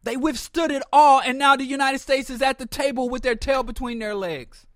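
A man with a notably high voice holds forth in a podcast monologue on politics. His delivery is blunt and sardonic, full of restarts and repeated words. The sound is dry, with no room ring. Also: fairly even intonation, normal speed, a bit bright, no room sound. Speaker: podcast host.

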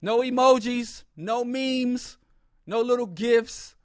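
Animated high-voiced man telling a story. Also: takes it slowly, no room sound, clean studio sound. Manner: animated, comic, exaggerated asides. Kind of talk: humorous storytelling monologue.

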